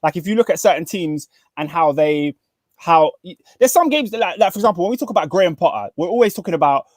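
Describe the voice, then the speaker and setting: A young man hosting a casual football podcast, talking fast and animated with many restarts. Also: on the high side, no room sound. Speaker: podcast host.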